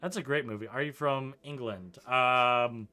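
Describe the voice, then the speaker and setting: Casting: young male streamer from Canada, bright tone, loose chatty delivery, faint game music underneath. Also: medium pitch, measured pace, clean tone. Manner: rambling, chuckling, lots of likes and ums. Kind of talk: casual gameplay commentary reading chat.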